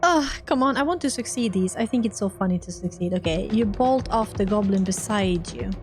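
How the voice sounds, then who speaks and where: A gaming streamer reads a role-playing game's text aloud and reacts to it, with faint music behind her. Her voice is medium-pitched and fairly quick. She's animated, swearing and laughing whenever things go wrong.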